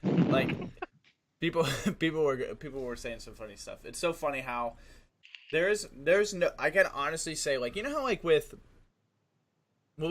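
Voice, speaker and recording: A man's voice: medium pitch, fairly bright tone. A man hosting a casual chat. He rambles, swears and laughs often. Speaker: podcast host.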